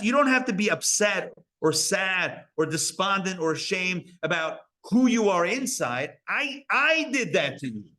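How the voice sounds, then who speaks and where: A rabbi lectures to a live audience at a community Torah center. He sounds animated and conversational, and his fairly high voice leaps up and down in pitch as he throws playful asides to his listeners. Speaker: rabbi teaching a class.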